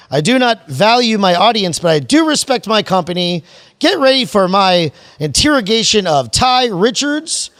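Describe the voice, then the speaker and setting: A man from Florida hosting a podcast, brash and irreverent, rambling in casual crude chat. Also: high-pitched. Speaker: podcast host.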